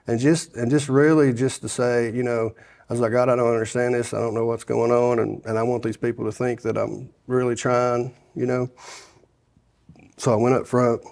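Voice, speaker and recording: A man's voice: medium pitch, level tone, normal speed, gravelly, darkish tone. A man from telling his life story in a casual interview, rambling with many restarts and quoting the people he met. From Sevier County, Tennessee. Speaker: guest sharing his testimony.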